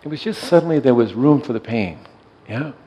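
A man speaking as a meditation teacher in a gentle, soft-spoken way, often letting his voice trail off quietly as he tells a reflective story. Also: medium pitch, expressive, a little fast, poor audio.

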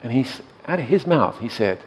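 A man speaking as a meditation teacher in a gentle, soft-spoken way, often letting his voice trail off quietly as he tells a reflective story. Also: mid-range voice, very animated, a little fast, low-quality recording.

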